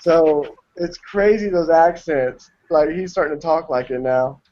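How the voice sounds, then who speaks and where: High-voiced man telling animated stories. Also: unhurried. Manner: animated, tells anecdotes with voices. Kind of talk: casual storytelling chat. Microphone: online call. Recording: dull lo-fi call audio.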